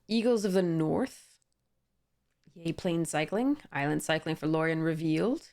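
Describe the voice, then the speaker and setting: Chatty young woman with a lowish voice, casual card-opening commentary. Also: animated, unhurried, darkish tone. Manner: chatty, reads card text aloud, frequent fillers and laughs. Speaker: card game YouTuber.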